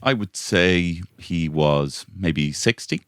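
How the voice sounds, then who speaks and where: A man's voice: deep voice, takes it slowly, fairly bright tone, smooth, no room sound, clean studio sound. An Irish man, co-host of a comedy podcast, rambling through a story and acting out the people in it. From Ireland. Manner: rambling storyteller, acts out voices. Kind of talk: casual comedic chat. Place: bedroom.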